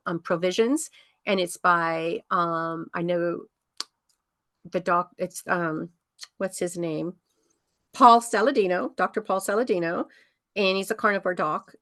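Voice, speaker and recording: A woman's voice: on the low side, dry recording, clean studio sound. A woman over fifty, a health coach giving a casual workshop talk, chatty and rambling with many ums and restarts.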